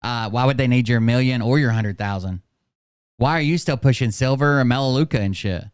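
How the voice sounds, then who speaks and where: A man's voice: medium pitch, brisk, smooth, no room sound, clean studio sound. A man hosting a commentary channel, talking in a sarcastic, scornful way. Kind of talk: critical commentary.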